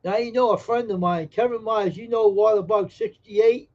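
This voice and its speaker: A man's voice: high voice, fairly even intonation, normal speed, darkish tone, lo-fi sound. Brash joking man streaming live. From Massachusetts. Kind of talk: casual live stream chat with viewers.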